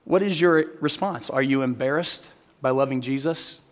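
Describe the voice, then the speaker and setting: A man's voice: medium pitch, normal speed. A man preaching a sermon to a live audience, telling a story and then asking the audience earnest direct questions. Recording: long hall reverb.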